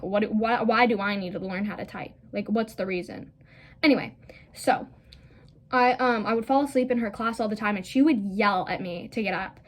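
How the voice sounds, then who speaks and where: A young woman telling a casual storytime vlog, rambling with lots of "like" fillers and blunt, profane asides. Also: mid-range voice. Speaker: vlogger.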